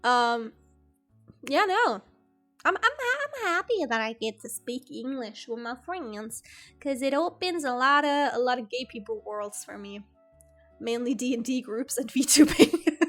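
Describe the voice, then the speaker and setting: A woman whose first language is German chats casually on stream, rambling and giggling at her own stories. Her voice sits a little high, and soft music plays faintly in the background. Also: expressive, a little slow. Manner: rambling, giggly, self-deprecating. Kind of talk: casual chat with stream viewers.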